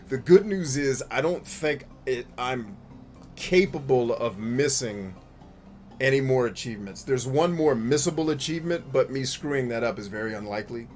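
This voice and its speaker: Male game streamer, animated and profane, casual running commentary. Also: medium pitch. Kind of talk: casual let's-play commentary.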